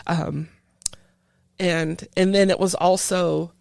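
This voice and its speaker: A woman who is a military veteran, telling a painful personal story in an interview in halting speech full of restarts. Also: fairly low pitch, fairly even intonation, gravelly, darkish tone, dry recording. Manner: halting, with many restarts, recounting a painful memory. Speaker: veteran guest.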